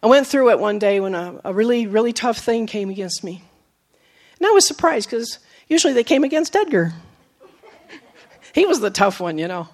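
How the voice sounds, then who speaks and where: A woman preacher giving a sermon, telling stories with acted quotes, moving from emphatic lines to soft, low asides. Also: expressive, moderate pace. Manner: storytelling, with acted quotes and laughs.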